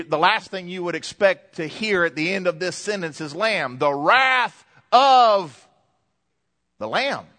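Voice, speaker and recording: Fervent male preacher in an echoey hall. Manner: swings between hushed lows and loud, emphatic climaxes. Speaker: pastor. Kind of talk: sermon. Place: church hall.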